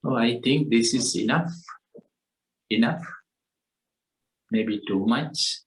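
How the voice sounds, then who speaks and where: A man leading a meditation retreat group session, speaking gently and haltingly with fillers. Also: mid-range voice, reverberant, distant mic, poor audio. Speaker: meditation teacher. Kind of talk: retreat group talk over a call.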